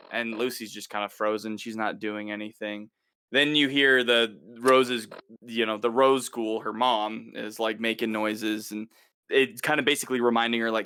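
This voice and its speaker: Male co-host, bright forceful voice, lively play-by-play recap, drops into quick impressions. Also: fairly low pitch, slight background noise. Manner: animated retelling, acts out the characters' lines. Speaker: podcast co-host. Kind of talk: casual recap chat.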